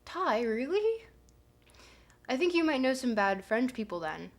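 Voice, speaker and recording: A woman with a fairly high, sing-song voice talks briskly to her livestream viewers. She rambles and giggles, filling her casual chat with plenty of fillers.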